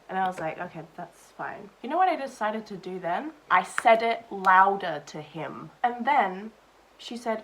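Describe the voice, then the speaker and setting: A young woman talks casually while she does her makeup, rambling and self-mocking, with "like" scattered through every sentence. Her voice sits at an ordinary middle pitch. Faint room ambience hums behind her. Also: lively intonation, normal speed, fairly bright tone, slight background noise, poor audio. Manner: chatty, self-deprecating storytelling with lots of "like". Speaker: beauty vlogger.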